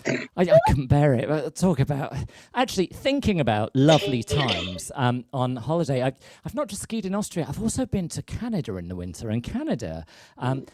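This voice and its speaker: A man's voice: mid-range voice, wildly swooping pitch, brisk, darkish tone. A man hosting a live online show as a drag queen, telling rambling, sweary comic stories into a mic on a stand and laughing at his own jokes. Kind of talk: casual comic storytelling. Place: home set during lockdown. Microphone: microphone on a stand.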